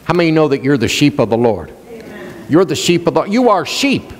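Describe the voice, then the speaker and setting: A man's voice: fairly high pitch, very animated, fairly quick, big-room sound. A male pastor preaching a sermon, questioning the congregation and joking with them. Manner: playful, jokes and laughs.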